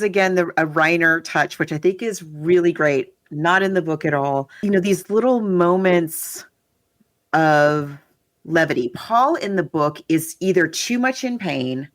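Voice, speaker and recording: A woman co-hosting a podcast, chatting casually and animatedly with quick asides. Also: lowish voice, no room sound, studio quality. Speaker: podcast co-host. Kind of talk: casual chat.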